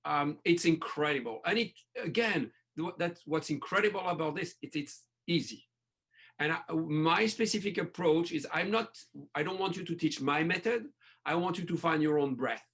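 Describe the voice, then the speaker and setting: High, gravelly man speaking passionately. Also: normal speed, a bit bright. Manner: passionate, restarts phrases, speaks in bursts. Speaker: breathwork coach, podcast guest. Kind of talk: enthusiastic interview talk.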